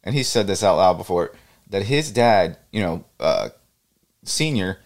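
Lively, laughing baseball podcast co-host. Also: male voice, low voice, a little slow. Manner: laughs easily, loose and jokey. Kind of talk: casual sports chat.

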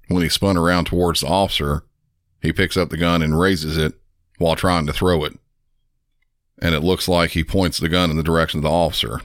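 A male podcast host speaks in an extremely deep, level voice with a measured, matter-of-fact delivery. The recording is dry and close, with no room sound. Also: a bit bright, no echo. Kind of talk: narrating and commenting on 911 calls.

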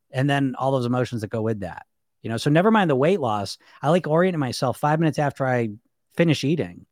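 Animated man coaching on a live stream. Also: medium pitch, no echo, clean studio sound. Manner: animated, acts out inner voices in shifting tones. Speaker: weight-loss coach. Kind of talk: casual live-stream advice talk.

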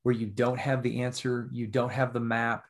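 A middle-aged man telling a story on a podcast, his voice sitting at an ordinary middle pitch. He talks in an earnest, heartfelt way and checks in with his listener now and then. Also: level tone, moderate pace. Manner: earnest, emotional storytelling with frequent "right?" asides. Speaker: podcast guest, author.

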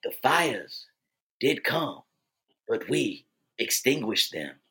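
A man putting on the voice of an older male president giving a solemn, rousing speech, with a raspy, grave delivery. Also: mid-range voice, very animated, takes it slowly, bright, forceful tone, heavily acted.

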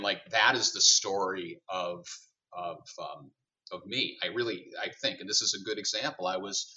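A middle-aged executive on a podcast, talking through his career with lively storytelling. He plays out both sides of each conversation. His voice is bright and forceful, recorded a little off the mic with a dull, muffled sound. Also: on the low side, distant mic. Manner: animated storyteller, acts out dialogue. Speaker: guest, company CEO.

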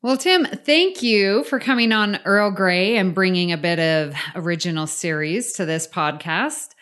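A woman's voice: lowish voice, unhurried, fairly bright tone, clean tone. A woman co-hosting a podcast, chatting enthusiastically. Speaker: podcast co-host. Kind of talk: casual podcast chat.

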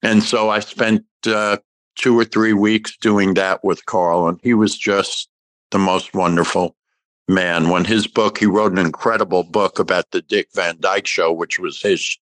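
A man's voice: sits low, unhurried, dry recording. An older man, an actor, telling a long story in an interview and acting out the lines of everyone in it. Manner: animated storyteller acting out quoted dialogue. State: emotional. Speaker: guest actor.

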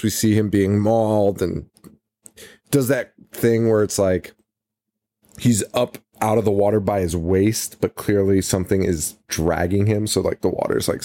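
A man's voice: on the low side, dark tone, no room sound. A man co-hosting a podcast, recapping a movie in casual, profane, rambling banter with frequent laughs. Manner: rambling, laughs often, swears freely. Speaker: podcast co-host.

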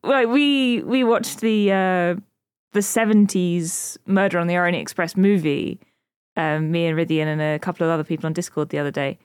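A woman's voice: lowish voice, moderate pace, clean tone, no echo, studio quality. A woman co-hosting a podcast in casual chat, rambling and giggly with lots of fillers. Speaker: podcast co-host.

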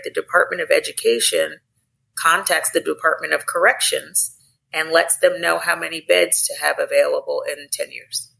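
Woman guest, earnest storyteller, gravelly bright tone, measured delivery. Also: deep voice, steady tone, rough recording. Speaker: guest, sports team executive. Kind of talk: interview storytelling.

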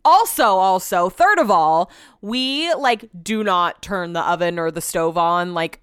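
A young woman hosting a podcast, telling a story in a chatty, animated way and acting out everyone's lines. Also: lowish voice, measured pace, clean tone, no room sound, studio quality. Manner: chatty, animated, quotes herself and others; laughs while telling the story. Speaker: podcast host. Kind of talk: casual storytelling chat.

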